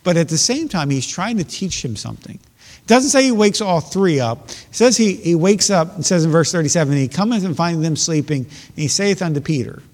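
A man's voice: a little high, lively intonation, fairly quick, a little mellow. Earnest preacher man in a reverberant hall. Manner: earnest, repeats words while building points. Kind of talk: sermon with scripture reading.

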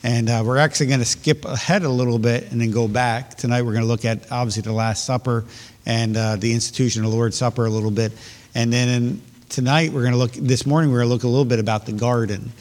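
A man's voice: mid-range voice, fairly even intonation, fast talker, darkish tone, long reverb tail. A man preaching a sermon, talking earnestly and building to raised, emphatic peaks. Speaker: pastor.

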